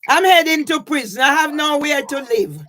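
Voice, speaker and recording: A woman's voice: sits high, lively intonation, moderate pace, bright, forceful tone, slight background noise. A woman in a heated phone argument, insistent and repeating herself as she demands money back. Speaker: caller disputing money.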